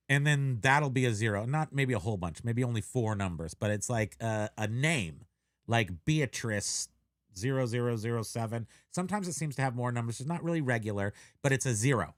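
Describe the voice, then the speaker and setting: A man's voice: medium pitch, a bit bright, no room sound. Rambling middle-aged man, dry close sound. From Menlo Park, California. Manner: rambling, self-mocking storyteller. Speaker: co-host of a reselling live show. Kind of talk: casual live-stream chat.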